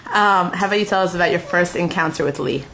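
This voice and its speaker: A woman's voice: on the low side, quick pace, a bit bright, rough recording. A young woman asking teasing, giggly questions in a casual interview at her apartment. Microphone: home video camera. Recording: home video with clear background noise.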